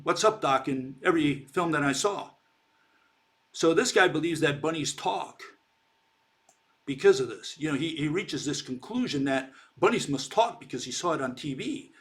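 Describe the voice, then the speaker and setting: A man's voice: a little high, animated, normal speed. A man giving an informal science lecture, emphatic and mocking, checking in often with "okay?". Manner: emphatic, keeps asking "okay?", mocking of critics.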